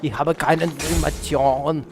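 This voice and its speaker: A man doing a deadpan Austrian tough-guy impression. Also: on the high side, measured pace, music in the background. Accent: Austrian German.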